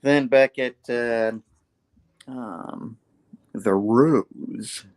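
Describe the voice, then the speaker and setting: A man's voice: mid-range voice, very slow. Chatty man retelling a comic story. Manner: animated retelling, full of "like" and "you know". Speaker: comic book reviewer. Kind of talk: casual chat.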